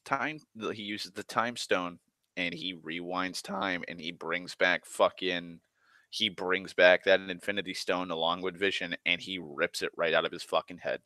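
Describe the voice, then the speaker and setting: A man giving a rambling, profane recap of a film, excitable and full of restarts. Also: sits low, unhurried, no room sound. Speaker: movie vlogger.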